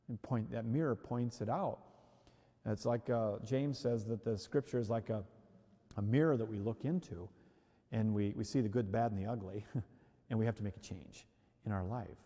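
A man's voice: medium pitch, moderate pace, mellow, in a large hall. A man giving a conversational sermon, acting out the voices he quotes. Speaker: preacher.

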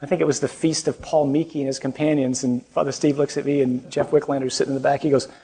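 This parish priest speaks in a mid-range, level voice that is warm and a touch rough, moving quickly. His humorous sermon to a young crowd is conversational and self-deprecating, with frequent questions thrown to the audience.

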